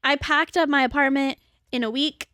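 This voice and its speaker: A young woman hosts a chatty podcast, her voice sitting high. She talks bluntly and swears freely. The sound is dry with no room around it. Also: steady tone, normal speed, pushed and bright, no echo. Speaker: podcast host. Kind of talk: casual chat.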